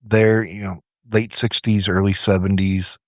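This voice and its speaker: A man's voice: deep voice, flat delivery, unhurried, no echo, studio quality. A man co-hosting a podcast who explains points carefully, then gushes about music with casual swearing. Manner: explanatory, enthusiastic, profane. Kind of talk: casual chat.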